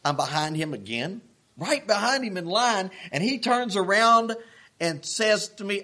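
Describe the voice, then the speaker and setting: A man preaching a sermon, telling a story in an animated, worked-up way with plenty of restarts. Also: high voice, unhurried. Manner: folksy, animated, getting worked up.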